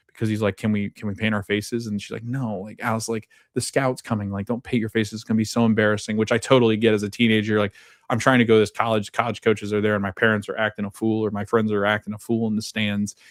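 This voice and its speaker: A man's voice: lowish voice, no echo, studio quality. A man hosting a podcast, casually recapping a TV episode in a chatty way, full of restarts and fillers as he quotes the characters. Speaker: podcast host.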